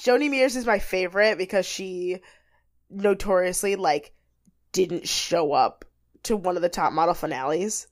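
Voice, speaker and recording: This podcast co-host has a voice on the low side and talks at normal speed. She recaps a reality show casually and animatedly, chatting away with lots of filler words.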